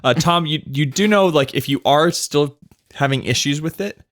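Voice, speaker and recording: A man's voice: fairly high pitch, normal speed, fairly bright tone, no echo, studio quality. A man co-hosting a comedy podcast, reading listener questions and steering the chat earnestly. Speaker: podcast co-host.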